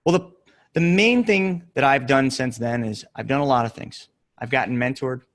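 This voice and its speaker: A middle-aged man giving an earnest motivational talk, telling a story with emphatic pauses. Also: medium pitch. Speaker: real estate investor and coach.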